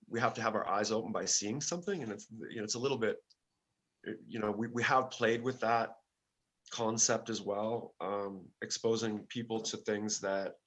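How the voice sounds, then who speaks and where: Halting, low-voiced older man. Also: a bit bright. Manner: halting, many fillers and restarts. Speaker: guest musician. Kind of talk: casual interview talk.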